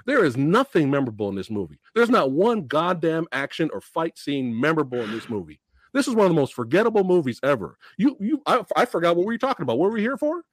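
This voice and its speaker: A man hosting a movie podcast, going on a profane, animated rant about a film and laughing between points. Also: mid-range voice, no room sound, clean studio sound. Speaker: podcast host. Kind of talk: heated movie review rant.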